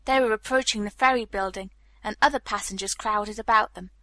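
A woman narrating a novel as an audiobook reader, telling the story in a calm, even manner. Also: medium pitch, brisk, dry recording. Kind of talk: scripted narration.

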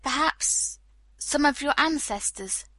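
Young Californian woman voiced by a woman reader, teasing, light, slightly wistful, higher voice, dry close sound. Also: animated, takes it slowly, pushed and bright, no echo, exaggerated voice.

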